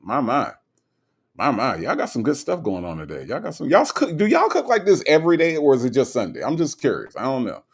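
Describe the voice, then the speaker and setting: A man's voice: mid-range voice, wildly swooping pitch, fairly quick, vocal fry, husky. A man hosting a casual livestream, reading viewer comments aloud in a laid-back, playful way. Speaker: livestream host reading chat. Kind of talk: casual chat.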